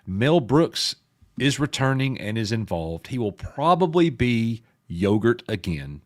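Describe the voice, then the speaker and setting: A man co-hosting a casual pop culture live stream, joking with chat, his voice a bit gruff and hoarse. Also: medium pitch, big pitch swings, unhurried. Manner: joking, addresses chat viewers by name. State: sounds slightly sick.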